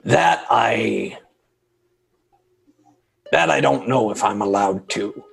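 Slow, gravelly man playing his character. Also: on the low side, lively intonation, soft background music. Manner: halting, hesitant speech. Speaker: player. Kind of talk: in-character tabletop role-play.

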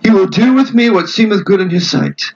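A man's voice: high voice, animated, a little fast, highs cut off. A man reading as a defiant devout reformer. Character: defiant male church reformer, firm and devout.

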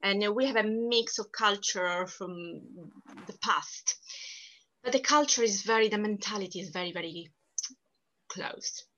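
A woman's voice: medium pitch, a little slow, pushed and bright. A middle-aged woman from Sicily with a strong Italian accent, talking animatedly as an interview guest. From Sicily, Italy. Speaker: guest, company founder. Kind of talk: casual interview. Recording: dull lo-fi sound.

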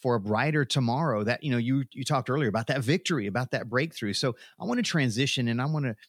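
A man's voice: medium pitch, animated, quick pace, no echo, clean studio sound. A man hosting a Christian talk show, asking his guest questions in an earnest, reflective way. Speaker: host. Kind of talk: faith talk show conversation.

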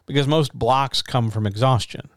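A man's voice: medium pitch, moderate pace, no room sound, studio quality. Earnest man giving frank encouragement. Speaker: podcast host. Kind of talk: casual advice talk.

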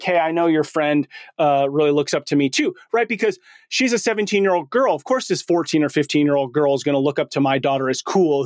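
A man's voice: a little high, no echo, studio quality. A man in his forties hosting a podcast, talking in a casual, slangy and enthusiastic way. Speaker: podcast host.

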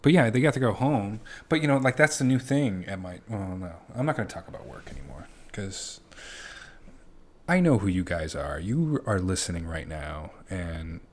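A young man co-hosting a podcast in casual chat with his wife, talking in an even, low-key way. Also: moderate pace. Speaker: podcast co-host.

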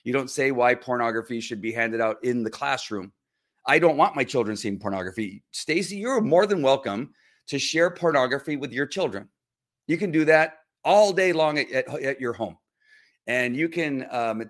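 A man's voice: medium pitch, a bit bright. A man ranting straight to the camera, sarcastic, speaking to a critic by name with many restarts. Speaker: social media commenter. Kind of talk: direct-to-camera rant.

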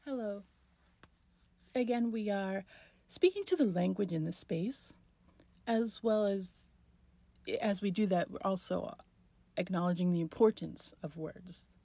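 A woman hosting a podcast, talking through her thoughts in a reflective solo monologue with many pauses and restarts. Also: mid-range voice, creaky, mellow, dry recording. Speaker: podcast host.

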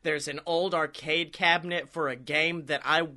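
High bright-voiced guy on a podcast, swearing and laughing through his stories. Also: steady tone, normal speed. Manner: rambling, profane, laughs often, acts out quotes. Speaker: podcast co-host. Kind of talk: casual storytelling chat.

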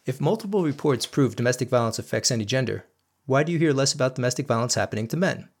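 A man's voice: mid-range voice, lively intonation, quick pace. Earnest guy hosting a podcast, talks right to listeners, punchy emphatic delivery. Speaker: podcast host. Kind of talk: personal storytelling monologue.

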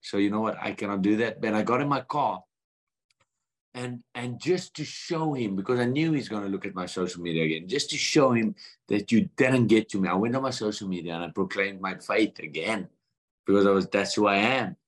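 South african man, thirties, earnest storyteller, lowish voice, acts out quotes. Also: fairly quick. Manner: earnest, animated retelling with quoted dialogue. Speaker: guest boxer. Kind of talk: storytelling in a podcast interview.

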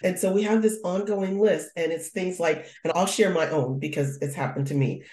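Middle-aged woman from the US telling a funny family story, lowish voice, echoey room. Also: moderate pace. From United States. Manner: animated storyteller, acts out her own thoughts. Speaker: guest. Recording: roomy echo.

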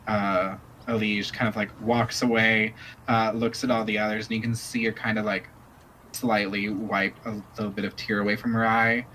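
A man's voice: lowish voice, little pitch movement, normal speed, sharp tone, slight background noise, rough recording. Man narrating a tabletop game, rambling. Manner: rambling, many fillers. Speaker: game master.

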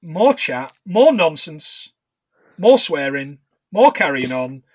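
A man's voice: fairly high pitch, big pitch swings, takes it slowly, slightly rough, no echo. A man co-hosting a film podcast, chatting casually with playful banter. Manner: banter-heavy, playful sign-off patter. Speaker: podcast co-host.

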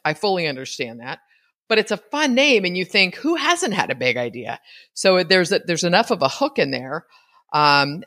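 A woman hosts her own podcast from a home setup, speaking into a podcast mic. Her delivery is candid and conversational, with light laughter and frequent asides. She pauses at times to spell words out letter by letter. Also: fairly low pitch. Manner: candid, chatty and lively, with quick laughs and asides. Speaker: podcast host. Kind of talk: solo podcast commentary.

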